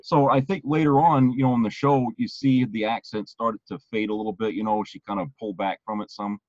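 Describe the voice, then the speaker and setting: A man's voice: lowish voice, steady tone, brisk, a little mellow, no room sound, dull audio. A man co-hosting a podcast in casual, rambling chat, often restarting his phrases. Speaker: podcast co-host.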